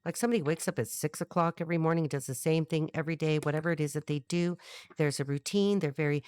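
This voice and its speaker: A middle-aged woman with a low voice gives a tarot reading, talking bluntly and thinking aloud with lots of restarts. She is recorded close and dry, with little room sound. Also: brisk, darkish tone, smooth, dry recording. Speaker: tarot reader. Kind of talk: channeled tarot reading to camera.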